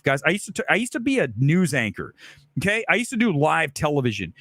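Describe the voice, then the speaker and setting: A middle-aged man hosting a live film talk show, blunt and profane, acting out the lines he quotes. His voice sits high for a man and swings widely in pitch. The sound is dry and close. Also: a bit bright, no room sound. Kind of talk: live solo commentary, ranting.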